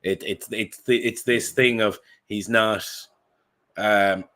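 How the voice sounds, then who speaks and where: A man with a lowish voice co-hosts a casual football podcast. He talks in long, animated, digressive runs and swears freely. He often restarts his sentences mid-thought. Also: slow pace. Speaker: podcast co-host.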